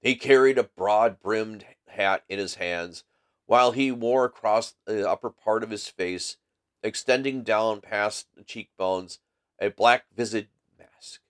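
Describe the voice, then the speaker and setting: A man hosting a live book reading who reads a story aloud in a steady, measured way with the odd small slip. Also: lowish voice.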